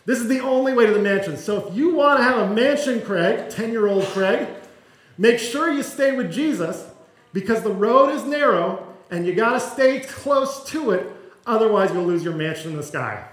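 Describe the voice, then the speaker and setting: Pastor, male, high-pitched, conversational sermon with self-deprecating humor; echoey church room. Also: lively intonation, normal speed. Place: church sanctuary.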